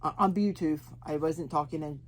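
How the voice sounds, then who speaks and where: Oklahoma-accented woman, lower voice, halting post-stroke speech, chatty testimony, faint room hum behind. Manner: chatty, laughs often. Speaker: interview guest. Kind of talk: personal testimony.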